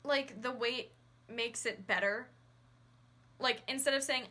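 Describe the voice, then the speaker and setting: A woman's voice: on the high side, moderate pace, bright, forceful tone. A woman vlogger giving casual, sarcastic reaction commentary, with a lot of "like" in her speech. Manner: sarcastic, says "like" often. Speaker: horse-riding vlogger.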